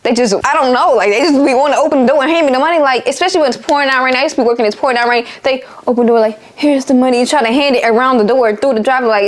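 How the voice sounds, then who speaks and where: Fast-talking young woman ranting. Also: high voice. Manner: animated, exasperated, slangy. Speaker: vlogger. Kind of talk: casual storytime rant.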